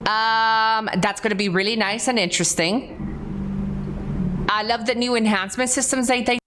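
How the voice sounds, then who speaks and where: A woman content creator giving casual video commentary, relaxed and halting, with frequent ums. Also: on the high side, slight background noise, rough recording.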